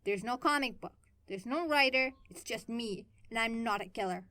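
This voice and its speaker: A woman's voice: fairly high pitch, moderate pace, sharp tone, no room sound. A woman voicing an earnest young hero man. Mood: firm. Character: earnest young male hero, steady and frustrated.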